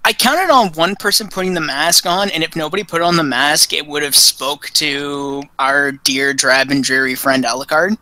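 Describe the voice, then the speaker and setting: Game master, loose laughing narration, bright tone. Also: mid-range voice, normal speed, few pauses, dry recording.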